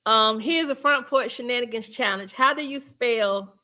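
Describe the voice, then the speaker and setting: A woman from Georgia with a Southern accent hosts a casual livestream. Her voice is bright and sits a little high. She talks in a chatty, easygoing way, laughing often as she reads out viewer comments. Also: normal speed. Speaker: livestream host.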